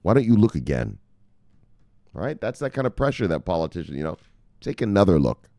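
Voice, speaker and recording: Animated low-voiced crypto news host. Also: male voice, fairly quick, dry recording. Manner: animated, profane, joking asides, reads headlines then riffs. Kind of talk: casual news commentary.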